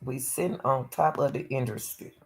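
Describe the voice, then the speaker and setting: Woman, channel host, blunt opinion commentary, gravelly voice, talks to viewers. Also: extremely low pitch, normal speed, slight background noise.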